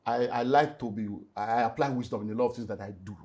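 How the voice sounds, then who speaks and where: A middle-aged man with a Nigerian accent, a pastor talking about his life in an emotional way that rises into loud, emphatic bursts. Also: medium pitch, fast talker, slight background noise. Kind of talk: candid personal testimony in conversation.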